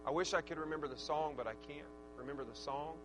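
A male preacher delivering a fervent sermon, swinging from shouted praise to soft, reflective talk. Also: on the high side, fast talker, music in the background, poor audio. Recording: steady mains hum.

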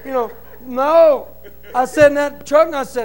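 High-voiced man preaching fervently. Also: normal speed, faint music behind, poor audio. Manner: impassioned, pleading, builds to shouting. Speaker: church member giving testimony. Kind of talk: preaching testimony.

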